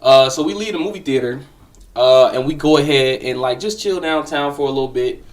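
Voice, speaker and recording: A man's voice: medium pitch, fairly quick, far from the mic. A young man casually telling a personal story, slangy and profane, talking straight to the listener.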